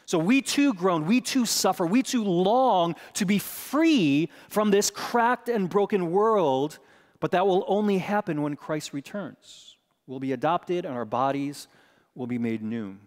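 Middle-aged male preacher, slightly high voice, lively storyteller, chapel reverb. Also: a little slow. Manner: animated storytelling, acting out voices in quotes. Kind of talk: sermon with personal story. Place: large chapel.

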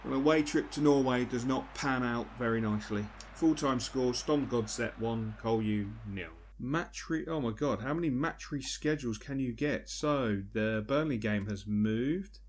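Excitable gamer man, cursing. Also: medium pitch, moderate pace, few pauses, a little hiss or hum. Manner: excitable, swears and yells at the game. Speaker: gaming YouTuber. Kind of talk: live football game commentary.

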